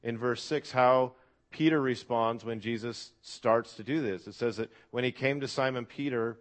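A man's voice: medium pitch, normal speed. A man preaching a sermon to a church congregation in an earnest, reflective way. He often asks the listeners questions and uses "uh" fillers. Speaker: pastor.

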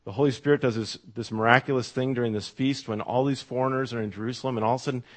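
A man's voice: mid-range voice, steady tone, very fast. A middle-aged man preaching a sermon as pastor, telling stories in a conversational way with fillers and asides to the congregation.

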